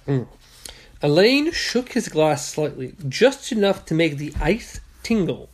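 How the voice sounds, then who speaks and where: A co-host casually reading a novel aloud, with playful asides. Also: mid-range voice. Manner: lively, playful whispered asides.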